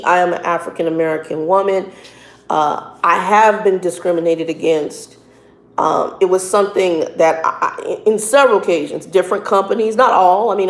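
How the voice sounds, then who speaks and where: A woman truck driver and minister giving casual, earnest advice, often halting and repeating words as she talks. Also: fairly low pitch. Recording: echoey room.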